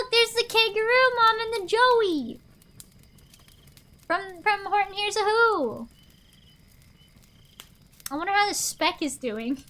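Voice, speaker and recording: High-voiced woman streamer reading slowly. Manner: slow, animated storytelling with chatty asides. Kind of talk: reading a picture book aloud on stream.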